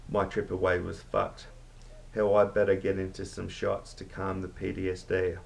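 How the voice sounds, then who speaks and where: A man voicing his crude, boozy mate, who swears loudly and laughs a lot. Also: sits low, completely flat delivery, moderate pace, creaky. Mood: rowdy. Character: crude boozy male Aussie mate, loud.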